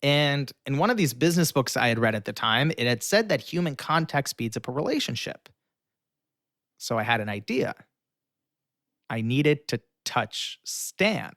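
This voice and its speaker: Young guy telling a story on a podcast, really animated, acts out the lines, dry close mic. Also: medium pitch, normal speed, no room sound. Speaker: guest. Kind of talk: storytelling in an interview.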